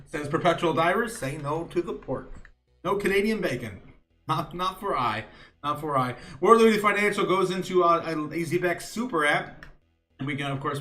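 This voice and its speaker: A man's voice: a little high, sharp tone. A male host giving loose, chatty market-news commentary on a live stream, reading from chat with many fillers and chuckling asides. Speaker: crypto show host.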